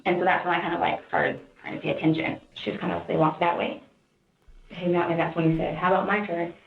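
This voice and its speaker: A woman recounting events in a rambling, halting way, often quoting others in a raised voice, heard on distant interview-room audio. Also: on the low side, steady tone, vocal fry, reverberant, highs cut off. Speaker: interviewee in police interrogation footage.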